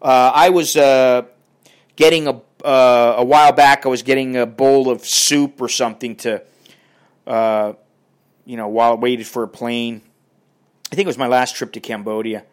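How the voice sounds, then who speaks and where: A man's voice: mid-range voice, steady tone, normal speed, clean tone. An older man ranting in a crotchety, profane and rambling way as he talks to his viewers. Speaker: vlogger. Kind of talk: casual rant to camera.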